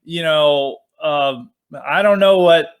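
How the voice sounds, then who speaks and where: A man with a somewhat high voice chats about politics on a podcast. He talks animatedly, lacing his points with sarcastic mockery and plenty of fillers. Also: slow pace, clear, resonant tone. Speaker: podcast guest. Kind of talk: casual political chat.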